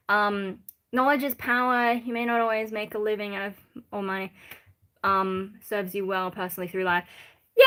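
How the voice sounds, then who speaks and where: A woman's voice: mid-range voice, a bit bright. An Australian woman from Sydney, a streamer who rambles while reading chat comments aloud and answering them. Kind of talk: casual live-stream chat.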